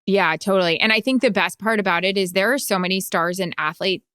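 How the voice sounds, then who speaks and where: A woman co-host with a smooth, clear voice, chiming in with short remarks and nudging her partner along. She speaks at a middling pitch, recorded close and dry. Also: fast talker, a bit bright, no echo. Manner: brief interjections, prompting her co-host's stories. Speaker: podcast co-host. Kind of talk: casual chat.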